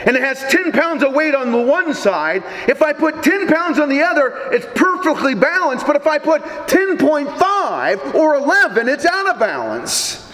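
A male pastor delivering a sermon, telling a story in an animated, deliberate manner. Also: extremely high pitch, roomy sound, in a large hall.

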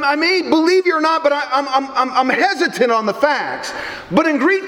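A man preaching a sermon as pastor, animated, with frequent stammered restarts. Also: extremely high pitch. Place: church. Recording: echoey church hall.

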